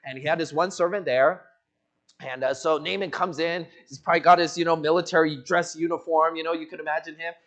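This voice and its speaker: This is a man preaching an expository sermon in a church sanctuary, performing the dialogue of the story's characters himself. He speaks briskly in a slightly high, steady voice with a fairly bright tone.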